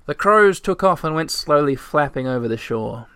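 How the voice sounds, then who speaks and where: A man's voice: a little high, lively intonation, moderate pace, a bit bright, clean tone, no echo. Man reading a storybook aloud.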